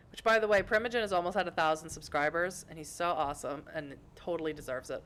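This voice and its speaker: A woman's voice: low voice, fast, hardly any pauses, a bit bright, a little hiss or hum. A woman streaming a narrative game, reading its narration aloud and chatting with chatty, giggly joking asides.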